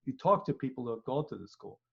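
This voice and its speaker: A man in his fifties with a New York accent, a law professor giving a webinar lecture in an animated, joking way and acting out quoted voices. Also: mid-range voice, fast, gravelly, breathy edge. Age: 50s. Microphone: computer mic on video call. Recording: muffled lo-fi webinar audio.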